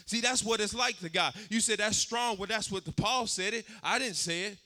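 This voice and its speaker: High, bright sing-song preacher man. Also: normal speed. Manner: sing-song preaching cadence, swelling louder on key points. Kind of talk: sermon.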